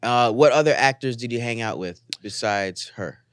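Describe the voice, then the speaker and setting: A man's voice: medium pitch, lively intonation, smooth, dry recording. Man, podcast host, casual questions, dry room. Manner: short affirmations and quick questions. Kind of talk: casual interview chat.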